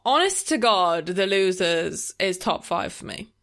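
A woman's voice: mid-range voice, sing-song, a little slow, a bit bright. A woman co-hosting a podcast, chatting casually, blunt and giggly, swearing often. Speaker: podcast co-host. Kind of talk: casual chat.

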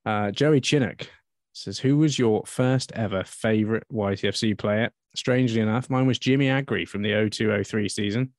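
Lowish voiced guy cohosting football chat, dry little jokes, reads out questions. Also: no room sound. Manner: dry, quick quips, reads out listener questions. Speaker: podcast co-host.

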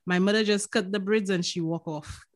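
A woman with a Saint Lucian accent, a podcast co-host telling lively stories in casual chat, laughing and swearing freely. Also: medium pitch, moderate pace.

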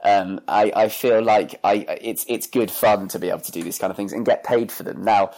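A young man in his twenties with a British accent, chatting as a podcast guest. His voice sits a little low, and he tells rambling, self-deprecating stories. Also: steady tone, fairly quick, a little mellow. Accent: British English. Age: 20s. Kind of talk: casual chat, anecdotal storytelling.

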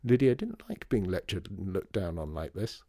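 A man reading a children's story aloud in an expressive way and doing the character voices. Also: deep voice, moderate pace, breathy edge, dry recording, studio quality. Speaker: audiobook reader. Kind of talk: storybook narration.

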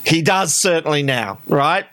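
A man co-hosting a casual podcast, picking apart interrogation footage. He talks with a lot of up-and-down movement in his voice, with a bright, forceful edge. He laughs often and mocks what he is watching. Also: a little high, unhurried. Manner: animated, laughs often, mocking asides. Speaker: podcast co-host.

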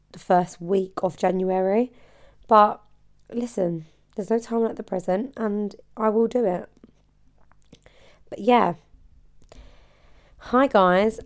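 A woman's voice: mid-range voice, a little mellow. A woman hosting her own podcast, chatting in a bubbly, rambling way and laughing often. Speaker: podcast host and hairdresser. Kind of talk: casual solo podcast chat.

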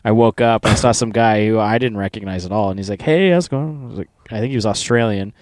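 A man's voice: fairly low pitch, level tone, quick pace, darkish tone, no echo, clean studio sound. A man in casual chat, animatedly retelling a trip and swearing now and then.

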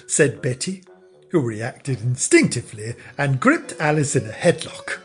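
Slow, measured male narrator. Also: medium pitch, very animated, husky, soft background music. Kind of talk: scripted comic narration.

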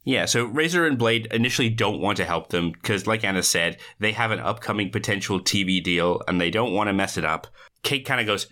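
A man's voice: fairly low pitch, fairly quick, few pauses, sharp tone. A man guest on a podcast, casually recapping a movie plot in a matter-of-fact way.

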